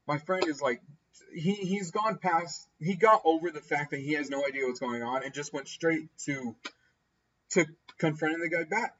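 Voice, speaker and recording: A man's voice: a little slow, pauses often, dull audio. A man telling a casual story over gameplay, acting out the people he quotes with sudden jumps in his voice. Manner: animated, acts out quoted people with pitch jumps. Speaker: gaming storyteller.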